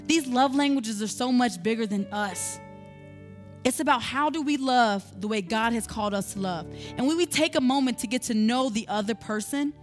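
Woman preaching a conversational sermon. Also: fairly high pitch. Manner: conversational preaching with rising emphatic passages.

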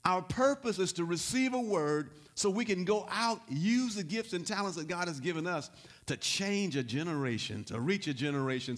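High-voiced preaching pastor. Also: male voice. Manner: repetitive, rising to loud exhortation. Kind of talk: sermon.

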